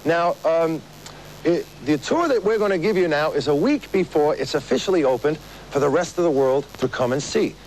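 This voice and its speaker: A middle-aged man hosts a live television variety show from an outdoor location, rattling off a joke-filled opening monologue. His pitch sits slightly high and swings a lot as he talks. A faint outdoor hum runs under the voice. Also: animated, normal speed, a little mellow, poor audio. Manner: chatty, joking, laughs at his own gags.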